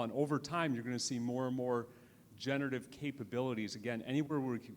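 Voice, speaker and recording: A man giving a live conference lecture in a conversational way, with frequent restarts and "right?" tag questions. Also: mid-range voice. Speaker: conference speaker. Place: conference hall. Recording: reverberant hall with faint noise.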